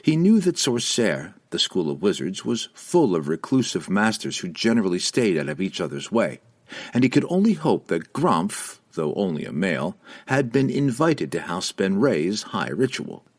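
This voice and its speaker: Deep-voiced, dramatic male narrator. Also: normal speed. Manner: dramatic, expressive reading. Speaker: audiobook narrator. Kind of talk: scripted fantasy audiobook narration.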